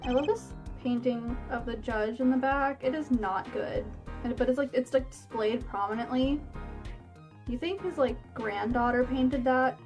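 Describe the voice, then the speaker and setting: A woman's voice: sits high, normal speed. A woman streaming a game, chatting playfully and gushing over what she sees. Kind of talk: casual game stream commentary. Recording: game music playing behind.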